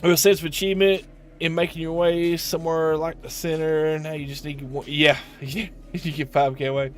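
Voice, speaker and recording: A man's voice: fairly high pitch, little pitch movement, moderate pace, faint music behind. A man live streaming a video game, chatting casually and answering his viewers' chat with lots of restarts.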